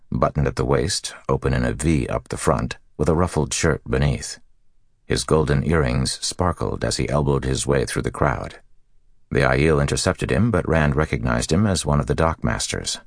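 A man narrating a fantasy audiobook in a steady, even storytelling manner. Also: very deep voice, vocal fry, dry recording, clean studio sound.

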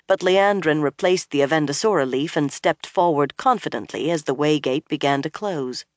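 Steady audiobook narrator, measured reading, mid voice, super dry close mic. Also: mid-range voice, no echo.

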